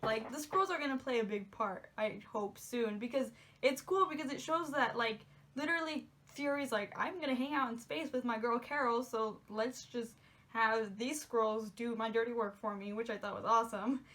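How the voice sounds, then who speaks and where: A woman's voice: a little high, moderate pace, fairly bright tone. A young woman chatting casually in a movie review, gushing and giggly, rambling with lots of "like"s. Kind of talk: casual spoiler review chat.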